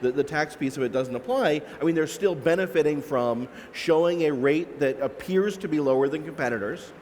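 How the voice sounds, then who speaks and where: Man, fairly high voice, analytical panelist, halting restarts, echoey hall with faint background hum. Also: darkish tone. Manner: analytical, many restarts and "right?" asides. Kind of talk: explanatory panel talk. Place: large expo hall.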